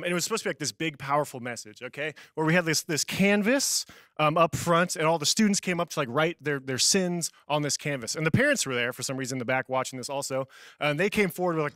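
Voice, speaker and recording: Young male youth pastor, casual sermon, laughs at himself, slightly high pitch, dry sound. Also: bright, forceful tone, no echo. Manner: casual, self-deprecating storytelling with laughs.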